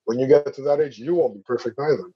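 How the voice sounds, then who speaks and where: A man's voice: mid-range voice, fast talker, husky, muffled recording. A man co-hosting a casual podcast, speaking frankly and reflectively about parents. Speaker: podcast co-host. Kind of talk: casual chat.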